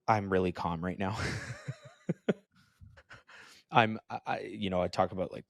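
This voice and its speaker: A man in his thirties co-hosting a podcast, telling a story in a casual, animated way. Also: low-pitched, moderate pace, gravelly, pauses often, no echo, studio quality. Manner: storytelling, animated when quoting others. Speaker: podcast co-host.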